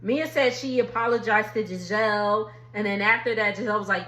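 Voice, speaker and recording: Animated, bright-voiced woman recapping TV. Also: mid-range voice, moderate pace, echoey room. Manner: animated, laughing, acts out quotes. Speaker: reality TV recap YouTuber. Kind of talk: casual recap vlog.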